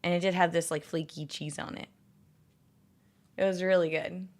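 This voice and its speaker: A woman's voice: lowish voice, fairly even intonation, normal speed, a little mellow. A woman in her thirties, a livestreamer chatting casually with her viewers, rambling and filling her talk with "like". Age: 30s. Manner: rambling, heavy use of "like". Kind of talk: casual stream chat.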